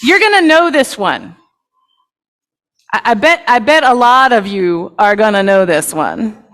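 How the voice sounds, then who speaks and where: A woman leading a story for all ages at a congregation service, lively, chatty and inviting, speaking into a microphone. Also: fairly high pitch, measured pace, in a large hall. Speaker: worship leader. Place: congregation sanctuary.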